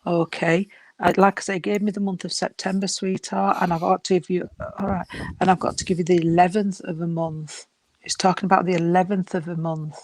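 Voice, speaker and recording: A woman's voice: fairly low pitch, flat delivery, brisk, a little mellow, no echo. A woman giving a psychic reading, speaking earnestly with many restarts and calling the sitter sweetheart and darling. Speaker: spiritualist medium.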